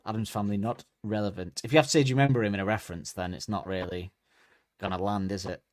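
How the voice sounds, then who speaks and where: A man's voice: fairly low pitch, steady tone, quick pace, no room sound, studio quality. A British man co-hosting a podcast, chatting casually and mockingly, often acting out other people's voices and swearing. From Britain. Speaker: podcast co-host. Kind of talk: casual comedic chat.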